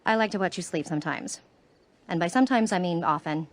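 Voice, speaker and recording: A man's voice: high voice, fast, natural voice. A man voicing a creepy adult man who likes to watch people sleep.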